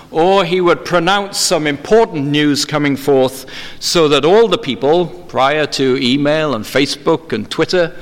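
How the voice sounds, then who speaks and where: Male preacher, fairly high voice, measured formal sermon delivery, long church reverb. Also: fairly bright tone. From England.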